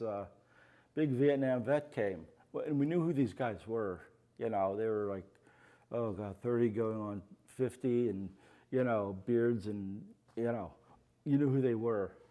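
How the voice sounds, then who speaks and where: A man's voice: lowish voice, normal speed, dark tone. An older man from the Pittsburgh area, speaking as the featured artist at a gallery talk and telling rambling, anecdotal stories to an audience, with many "you know" fillers. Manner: acts out quoted voices in his stories. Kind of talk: storytelling at a live artist talk. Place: art gallery, before an audience.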